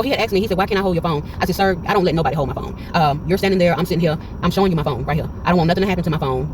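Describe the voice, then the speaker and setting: Brief: man in his 40s, vlogger recounting a run-in, very rapid delivery, animated, plays every side of the conversation. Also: high-pitched, noisy background. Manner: animated retelling that acts out quoted dialogue. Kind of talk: casual storytelling vlog. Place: in a parked car.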